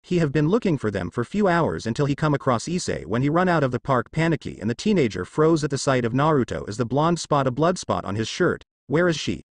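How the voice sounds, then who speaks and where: A man's voice: medium pitch, big pitch swings, quick pace, hardly any pauses, no echo. A man narrating fan fiction aloud in a plain reading manner.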